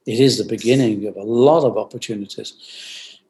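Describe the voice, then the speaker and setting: An older man, a company founder, giving earnest reflective interview answers over a remote video call, often repeating phrases and clearing his throat. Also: on the low side, normal speed, warm tone, poor audio. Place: at home in France.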